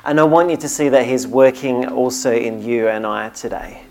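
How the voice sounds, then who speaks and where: Earnest preacher giving a sermon, emphatic, middle-pitched voice, little restarts here and there. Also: normal speed.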